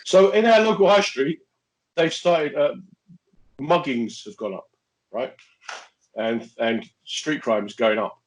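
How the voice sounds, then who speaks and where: A man's voice: medium pitch, slow, pauses often, rough recording. A man co-hosting a podcast, chatting casually in an indignant, joking way. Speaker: podcast co-host. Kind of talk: casual chat.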